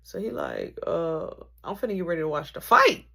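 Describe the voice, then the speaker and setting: Woman storyteller, husky voice, plays every character, hushed to loud. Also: on the low side, huge pitch swings, normal speed. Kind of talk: animated storytelling.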